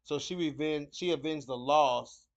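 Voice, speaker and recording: A man's voice: on the high side, a little slow. A man hosting a casual fight preview, rambling and repeating words with lots of fillers. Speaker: host of a fight picks show.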